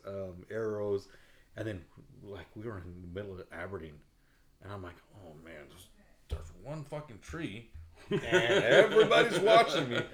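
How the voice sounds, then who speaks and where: A man hosting a podcast in casual chat, telling profane work stories, acting out quotes and laughing often. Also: fairly low pitch. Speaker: podcast host.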